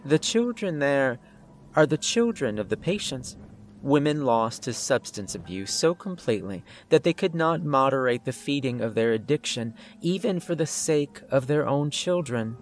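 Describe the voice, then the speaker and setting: A man's voice: mid-range voice, lively intonation, soft background music, pitched above the performer's own voice, close to an everyday voice. A man voicing a coldly polite doctor. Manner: polite, measured, clinically detached. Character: calm menacing older male doctor, clinical.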